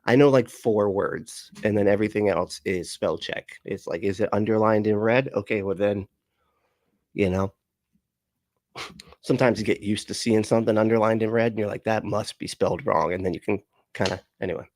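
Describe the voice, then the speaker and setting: Reading chat comments aloud during a casual stream, a man speaks in a low-leaning, darkish, steady voice at a moderate pace. He rambles, laughs often, and swears, and the recording has no echo.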